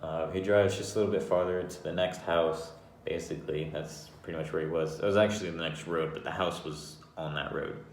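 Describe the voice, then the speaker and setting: A man with a low, deep voice tells a personal story casually and with lots of swearing. He often stops and restarts his sentences. The voice bounces around an echoey room, with a faint hiss underneath. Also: brisk. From Arizona, United States. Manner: profane, animated, with frequent restarts.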